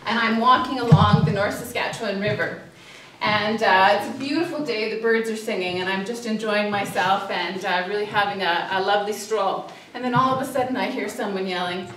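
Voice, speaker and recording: A woman's voice: medium pitch, moderate pace, fairly bright tone, a little hiss or hum. Woman speaking in an echoey hall. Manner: storytelling, acts out cries for help; hesitant, many fillers. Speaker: social worker giving a talk. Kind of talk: public talk with slides. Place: church hall. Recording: echoey hall, distant mic.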